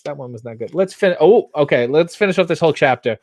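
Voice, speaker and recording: A man with a fairly high, very lively voice swings between hammy mock-theatrical verse readings and flat, wry comments to his chat. It sounds like a casual livestream host talking into a desk mic. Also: fast talker, few pauses, no room sound.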